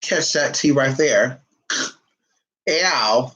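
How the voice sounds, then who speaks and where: A woman talking casually to her viewers in a sassy, profane monologue, full of drawn-out teasing asides. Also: extremely low pitch, lively intonation, a bit bright, highs cut off. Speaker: spiritual vlogger.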